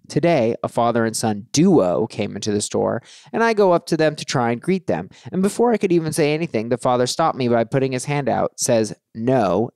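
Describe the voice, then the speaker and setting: A man's voice: mid-range voice, no echo, studio quality. A man hosting a comedy podcast, joking around and reading listener posts aloud. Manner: joking, reads posts with lively inflection. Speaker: podcast host.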